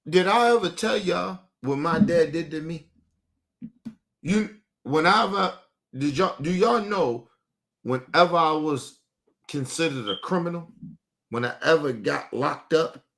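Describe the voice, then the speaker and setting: Heated high-voiced man ranting. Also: animated, unhurried, long pauses. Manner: profane, heated, swings from low and quiet to loud outbursts. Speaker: streamer. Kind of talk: emotional live-stream rant.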